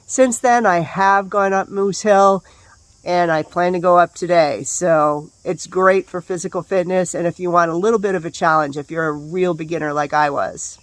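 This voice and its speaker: A woman's voice: lowish voice, steady tone, moderate pace, dry recording. A woman co-hosting a casual hiking vlog outdoors on a wooded trail, chatty, upbeat and candid. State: out of breath on the climb. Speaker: hiking vlogger.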